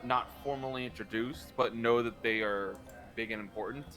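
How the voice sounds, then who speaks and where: Casting: male tabletop player, bright and forceful tone, jokey and halting. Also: medium pitch, fairly even intonation, faint music behind. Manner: jokey, stumbling restarts. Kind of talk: casual tabletop game chat.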